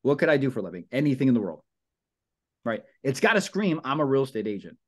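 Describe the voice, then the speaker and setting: A man's voice: mid-range voice, fast. A man coaching real estate agents at a team meeting. He speaks casually and with energy, repeats his points, and calls his listeners "guys" and "brother.". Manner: energetic, repetitive, acts out sample phone calls. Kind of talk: team meeting training talk.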